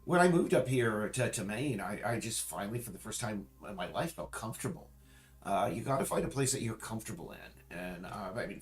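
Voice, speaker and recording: Rambling man on a livestream. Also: fairly low pitch. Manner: rambling, frequent restarts and self-corrections. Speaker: streamer. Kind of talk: casual livestream chat. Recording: roomy echo.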